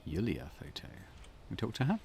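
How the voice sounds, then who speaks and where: A man with a lowish voice narrates his way through a retro mystery game, reading found notes aloud and tossing off relaxed asides. His pitch rises and falls a lot as he goes. The tone is easygoing gameplay commentary. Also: normal speed, creaky, husky. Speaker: let's play host.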